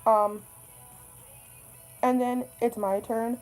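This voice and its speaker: A woman's voice: fairly high pitch, little pitch movement, extremely slow, soft background music, rough recording. A young woman telling a story in a casual vlog, rambling, swearing and joking at her own expense. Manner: rambling, swears a lot, self-deprecating. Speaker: vlogger.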